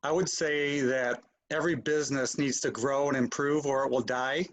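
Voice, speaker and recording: A man's voice: medium pitch, steady tone, moderate pace. A man joining a group coaching session, answering the coach hesitantly and thinking aloud. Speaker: coaching participant.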